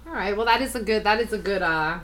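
Thirties woman co-host, bright voice, gushing and animated, laughs easily; casual chat. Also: mid-range voice, quick pace. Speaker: podcast co-host.

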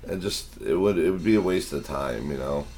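A man's voice: extremely low pitch, expressive, a little fast, darkish tone. A man co-hosting a casual podcast chat, joking and teasing in a mock-indignant way. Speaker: podcast co-host.

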